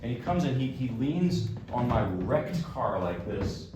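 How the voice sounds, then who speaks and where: This classical pianist from New Jersey speaks to a concert hall audience during his recital, spinning a chatty, self-mocking anecdote in a relaxed way. He has a medium-pitched, sing-song voice and takes his time. Heard from a distance, the hall sounds echoey and carries background noise.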